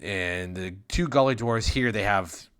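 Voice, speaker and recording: A man's voice: on the low side, a little slow, a bit bright, clean tone. A man narrating as game master in a tabletop game, casual and rambling, with the odd swear.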